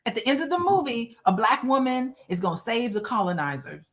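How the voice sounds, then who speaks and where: A woman's voice: a little high, sing-song, fairly quick. A woman hosting a casual conversation, telling her points in an emphatic, chatty way. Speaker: host.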